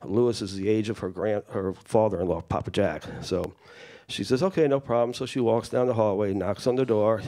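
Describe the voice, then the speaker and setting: A man's voice: on the low side, fairly quick, hardly any pauses. A man telling family stories to an audience, acting out the people he quotes. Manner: animated anecdote-telling, acts out quoted voices. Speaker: festival speaker sharing family stories. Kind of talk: storytelling talk to an audience.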